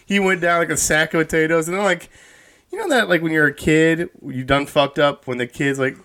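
A man's voice: on the high side, fairly quick. A middle-aged man co-hosting a podcast, telling stories casually and laughing often. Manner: laughing, expressive storyteller. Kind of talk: casual chat.

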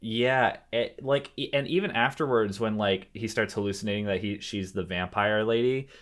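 A young man with a fairly low voice talks through a film in relaxed, casual chat. He rambles, piling on fillers and restarting his sentences as he thinks aloud. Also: moderate pace. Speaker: podcast co-host discussing a film.

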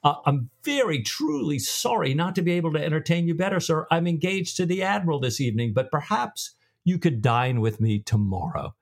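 A man's voice: on the high side, expressive, a little fast, creaky, voice pushed up. A man voicing Jack, a hearty and oblivious naval captain who talks eagerly and gives orders, while reading a novel aloud.

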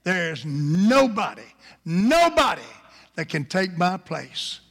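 A man's voice: high voice, very animated, takes it slowly, creaky, heavily acted. A man preaching, voicing Faith as a confident, triumphant male figure who proclaims and repeats himself. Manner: proclaiming, repeating phrases, building to a loud climax. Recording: reverberant hall.

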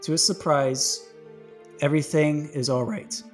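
A man's voice: fairly high pitch, measured pace, soft background music. A man hosting a podcast, narrating a comic fan story in a playful, laughing, casual way.

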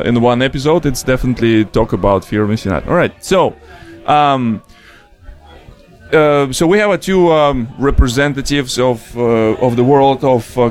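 A man with a Russian accent hosting a casual podcast from a conference, speaking haltingly with many fillers. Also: mid-range voice, faint music behind. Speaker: podcast host. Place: conference venue.

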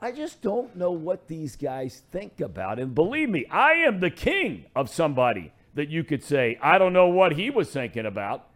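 Animated ranting sports radio host, man. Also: on the high side, moderate pace, hardly any pauses.

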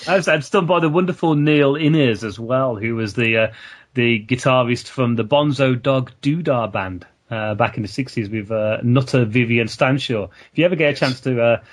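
A man's voice: mid-range voice, moderate pace. Hesitant man chatting. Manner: hesitant, lots of uhs. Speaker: podcast guest. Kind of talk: casual chat.

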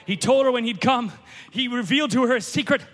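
A man preaching a sermon to a congregation, telling a story with dramatic shouts and hushed whispers. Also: extremely high pitch, fast. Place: church sanctuary.

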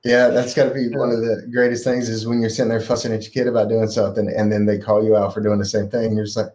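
A man's voice: on the low side, level tone, quick pace. A man, a life coach guest on a podcast, talking earnestly about raising his kids. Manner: earnest, reflective, soft-spoken asides. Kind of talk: casual interview.

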